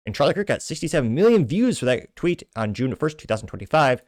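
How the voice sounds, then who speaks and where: A man's voice: medium pitch, big pitch swings, rapid-fire, few pauses, darkish tone, no echo. A man from Texas hosting a political commentary show, reading social media posts aloud and adding sardonic, dry asides.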